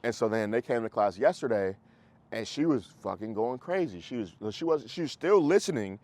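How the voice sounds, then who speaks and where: A man, a dog trainer coaching a group class in a casual way, animated and acting out dogs and owners, with casual swearing. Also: medium pitch, a little fast.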